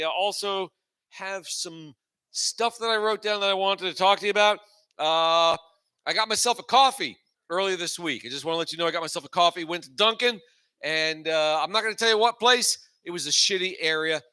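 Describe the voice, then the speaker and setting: Bright-voiced man hosting a comedy open mic. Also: sits high, clear, resonant tone. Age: 40s. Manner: loose, rambling delivery with dry self-mocking punchlines. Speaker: host and stand-up comedian. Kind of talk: stand-up comedy set.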